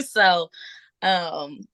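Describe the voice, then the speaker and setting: Chatty woman telling her story, lowish voice. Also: extremely slow, no echo. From Buffalo, New York. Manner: animated storyteller, acts out quotes, laughs often; frequent um fillers and restarts. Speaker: guest business owner. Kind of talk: casual interview storytelling.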